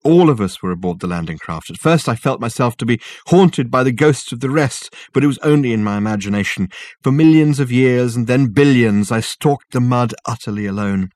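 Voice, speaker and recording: A man's voice: medium pitch, animated, a little fast, a little mellow, no room sound, clean studio sound, natural voice. A man voicing a tormented, ancient male alien ghost who speaks abjectly and begs for release. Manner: abject, pleading, mournful.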